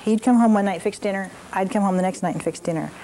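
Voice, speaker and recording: A woman's voice: medium pitch, fast talker, mellow, a little hiss or hum, poor audio. An older woman leading an evening parenting class, telling stories and examples with frequent fillers.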